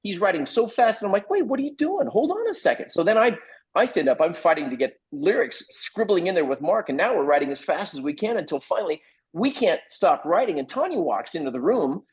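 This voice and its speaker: A middle-aged man, a playwright, telling an animated anecdote and acting out other people's lines as he goes. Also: a little high, a little fast, breathy edge, rough recording. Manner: lively, acts out other people's lines in quoted voices. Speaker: playwright guest.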